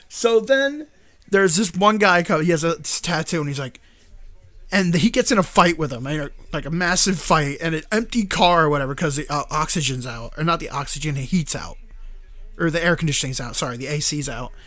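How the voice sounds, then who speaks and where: A man with a high voice that leaps all over the place retells a movie plot as host of a live stream. He rambles, restarts and laughs often as he goes. The sound is dry and close. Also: sing-song, normal speed, a bit bright, no room sound. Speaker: show host.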